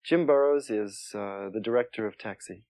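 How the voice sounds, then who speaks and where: Soft-spoken comedian recalling his start. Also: lowish voice, no room sound. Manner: soft-spoken, halting with restarts. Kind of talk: interview storytelling.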